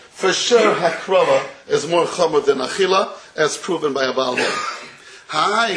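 A man's voice: fairly high pitch, a bit bright, slight background noise, low-quality recording. A man giving a Talmudic lecture to a roomful of listeners, often chuckling and drawing out the phrases he quotes. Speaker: Torah teacher. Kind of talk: Talmudic lecture to a live audience. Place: room with listeners.

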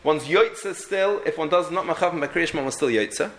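A man's voice: a little high, a little fast, fairly bright tone. A man teaching a halachic lesson, thinking aloud with frequent restarts and many Hebrew and Yiddish terms. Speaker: Torah teacher.

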